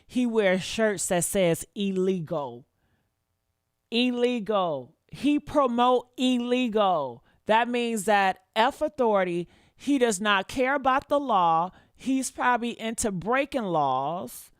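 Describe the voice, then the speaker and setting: A woman's voice: a little high, lively intonation, slow, smooth, no room sound. Woman streamer going off at her chat, cussing, says stuff twice for emphasis, dry close sound. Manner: blunt, profane, repeats points for emphasis; talks straight to her chat, asks for likes. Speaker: livestream commentator. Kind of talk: reaction commentary to viewers.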